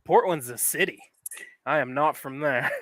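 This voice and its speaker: A man's voice: fairly high pitch, moderate pace, bright, forceful tone, no room sound. A man in casual chat, adding dry, short comments.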